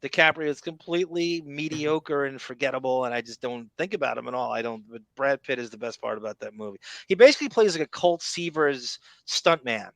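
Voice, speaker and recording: A man's voice: medium pitch, brisk, creaky, few pauses, no room sound. A man co-hosting a podcast, talking in a casual, opinionated and rambling way, full of restarts. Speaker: podcast co-host. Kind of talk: casual chat.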